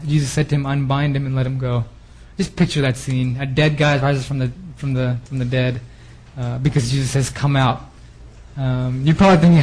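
A man's voice: fairly high pitch, darkish tone, poor audio. A man giving a sermon, reading Bible verses and then explaining them in a casual, earnest way with fillers. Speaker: preacher. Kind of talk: sermon reading scripture with commentary.

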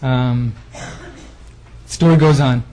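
A man's voice: mid-range voice, fairly even intonation, takes it slowly, warm tone, poor audio. A man giving a sermon, reading Bible verses and then explaining them in a casual, earnest way with fillers. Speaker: preacher. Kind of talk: sermon reading scripture with commentary.

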